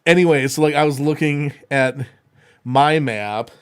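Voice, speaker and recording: Young male podcast co-host, slightly high voice, rambling, filler-heavy delivery. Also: unhurried, slight background noise. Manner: rambling, lots of fillers and restarts. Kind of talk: casual chat.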